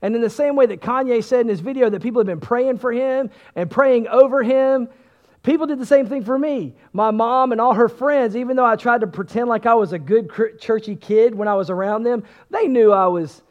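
High male pastor, animated sermon storyteller, muffled low-fi recording. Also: a little fast. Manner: animated storytelling, swings from loud to hushed. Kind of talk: sermon with personal testimony.

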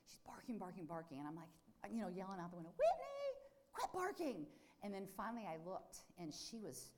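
A woman, a nurse, giving a devotional talk, telling a story and asking her listeners questions. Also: on the low side. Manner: animated storyteller who asks the audience questions. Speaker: nurse speaking to a group.

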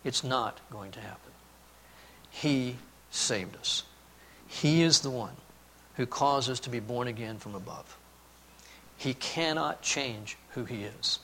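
A man preaching a sermon, telling a family story and then speaking earnestly and softly about God's love. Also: medium pitch, takes it slowly, long pauses, a little hiss or hum. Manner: storytelling, then earnest and hushed on key points. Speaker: pastor.

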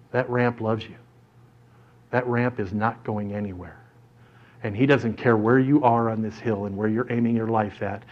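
A man preaching a sermon through an animated story in front of a congregation, dramatically shifting his voice as he tells it. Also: medium pitch. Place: church or hall with an audience. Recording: dull lo-fi recording.

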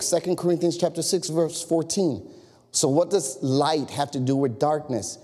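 A man preaching a sermon as pastor, animated and conversational, full of rhetorical questions. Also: a little high, moderate pace, in a large hall.

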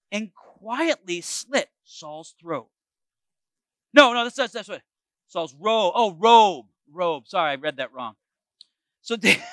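Lively, joking male preacher telling a Bible story with playful asides. His voice is high and bright, with wide pitch swings. The sound is close and dry. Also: no room sound. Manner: animated and joking, with asides to listeners. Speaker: pastor. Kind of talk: retelling a Bible story to a congregation.

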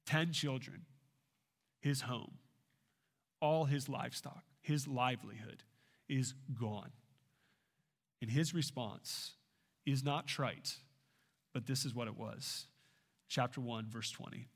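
A man delivering a sermon as a pastor, preaching emphatically with swings in pitch and loudness. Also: slow pace, long pauses.

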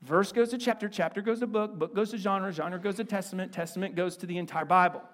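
Pastor, male, fairly high voice; lively, chatty sermon delivery with joking asides. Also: fast talker. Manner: animated, conversational, playful asides. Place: church.

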